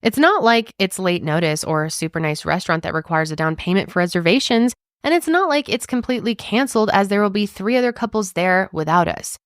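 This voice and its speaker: A woman co-hosting a podcast, chatting casually and reading a forum post aloud in an animated way. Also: medium pitch, a little fast, hardly any pauses, dry recording, clean studio sound. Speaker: podcast co-host.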